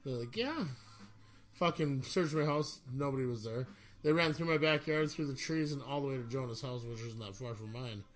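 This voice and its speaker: A man's voice: medium pitch, moderate pace. A man from North Dakota co-hosting a podcast, telling a rowdy story in casual chat, swearing and acting out the quotes. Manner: profane storyteller, acts out quotes. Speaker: podcast co-host.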